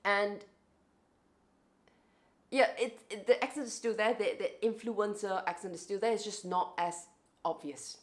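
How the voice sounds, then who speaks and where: A young woman with an international English accent talks to camera in a relaxed vlog. She muses aloud, circling back and restarting phrases as she goes. Her pitch sits in the middle of the range. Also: measured pace, long pauses. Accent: international English, shaped by years in Hong Kong. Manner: chatty and reflective, with frequent restarts and rising emphasis. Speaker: vlogger. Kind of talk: casual talking-to-camera vlog.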